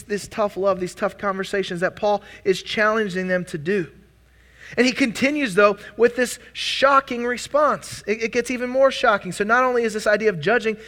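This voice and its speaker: A young man delivers a sermon, his voice pitched high and ringing bright. He preaches earnestly but conversationally, stumbling and restarting phrases as he goes. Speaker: pastor.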